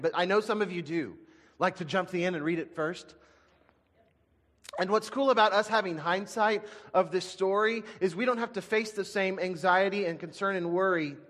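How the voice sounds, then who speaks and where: A male pastor preaching a sermon to a congregation, emphatic and animated, swinging from loud bursts to quiet asides. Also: sits high. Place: church sanctuary. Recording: long hall reverb.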